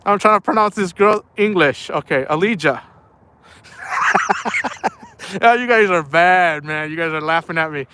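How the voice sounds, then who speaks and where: A young man with a fairly high, sharp voice talks at a quick clip on a night fishing live stream, with a slight hiss or hum in the audio. He's casual and playful, laughing often as he reads the chat aloud. He's outdoors at night beside the water.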